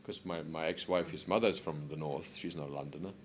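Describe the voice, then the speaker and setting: A middle-aged man chats loosely in English, his voice sitting very low. He wanders through his points with fillers and restarts. There is a faint hum of room noise behind him. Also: steady tone, fairly quick. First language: German. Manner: rambling, many fillers and restarts. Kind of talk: casual chat.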